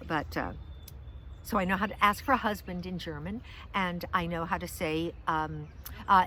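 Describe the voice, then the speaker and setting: A woman's voice: fairly low pitch, normal speed, bright, forceful tone, a little hiss or hum. A middle-aged American woman telling a rambling, self-deprecating story in a casual vlog, outdoors in a park, with lots of fillers and restarts. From United States. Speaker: vlogger, comedian.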